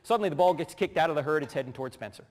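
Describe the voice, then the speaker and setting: A middle-aged man giving a humorous teaching talk, telling animated stories, acting out voices and laughing as he goes. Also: fairly high pitch, very fast. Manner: animated storyteller who acts out voices and laughs. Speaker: speaker. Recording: long hall reverb.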